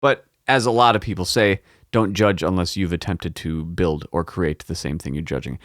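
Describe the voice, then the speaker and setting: A man's voice: sits low, normal speed, fairly bright tone, no echo, studio quality. A man hosting a pinball podcast, rambling and swearing in casual solo chat. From United States. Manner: rambling, profane, self-mocking. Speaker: podcast host.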